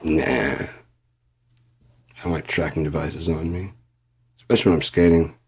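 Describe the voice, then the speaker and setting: A man in his fifties in a casual, profane vlog rant, rambling and swearing, muttering low and then flaring up. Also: steady tone, moderate pace, husky. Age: 50s. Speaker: vlogger.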